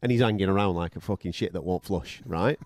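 Deep-voiced blunt male storyteller. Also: fast, a little mellow, dry recording. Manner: profane, blunt storyteller who acts out quoted voices. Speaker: podcast co-host and radio boxing commentator. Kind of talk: casual anecdote-telling chat.

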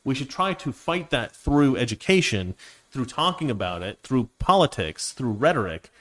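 A man's voice: mid-range voice, sing-song, normal speed, fairly bright tone. A man hosts a livestream from a home studio, reading out viewer messages and answering them. He talks into a desk microphone in an opinionated, rambling way, restarting his sentences often. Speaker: live stream host. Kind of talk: livestream commentary reading super chats.

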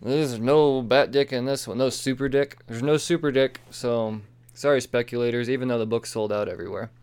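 A man talks through a stack of comic books in a loose, excitable ramble, cursing freely and wandering into asides. His voice is smooth and clear, at an ordinary pitch for a man. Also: a little fast. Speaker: comic book reviewer. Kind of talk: casual profane comic review.

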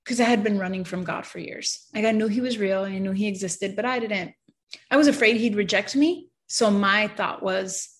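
A woman giving an earnest, emotional personal testimony, halting and stammering at times and often dropping to a soft, quiet voice. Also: medium pitch. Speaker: person sharing a faith testimony.

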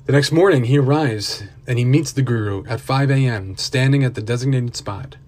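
A man's voice: medium pitch, normal speed, a little mellow. A man narrating a motivational story earnestly, with building intensity.

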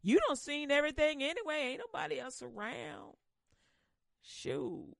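A woman voices a carefree, sassy young wife, slow and sing-song. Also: high voice, expressive, gravelly, fairly bright tone, no room sound, clean studio sound, heavily acted. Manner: sassy, coaxing.

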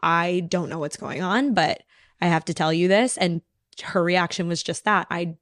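A young woman from Texas hosting a podcast, chatting in an animated, frank way with swearing and laughter. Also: on the low side, moderate pace, dry recording, studio quality. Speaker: podcast host. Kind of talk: casual chat.

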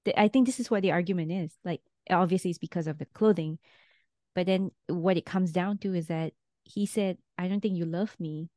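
Low, mellow-voiced woman chatting. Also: fairly quick, no room sound, clean studio sound. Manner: thoughtful, hedging, laughs often. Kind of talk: casual chat about a reality show.

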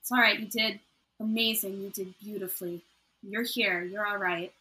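A woman voicing a protective female investigator who calms a friend with reassuring words. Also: medium pitch, normal speed, lightly acted, rough recording. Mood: soothing. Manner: soothing, reassuring.

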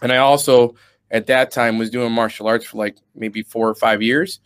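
A man's voice: mid-range voice, normal speed, smooth, dry recording. A young adult man from Connecticut, an Army veteran and guest, telling his stories in casual, profane podcast chat. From New Britain, Connecticut. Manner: profane, animated storyteller.

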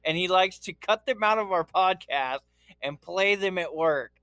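A man's voice: high-pitched, normal speed, a bit bright, no echo. A man co-hosting a podcast, trading crude jokes casually and laughing often. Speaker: podcast co-host.

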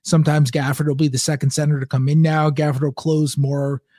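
A man giving casual sports analysis with a voice on the higher side for a man, recorded dry and close. He thinks aloud as he talks, stumbling and restarting sentences. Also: little pitch movement, a little fast, dark tone, no room sound. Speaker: podcast panelist.

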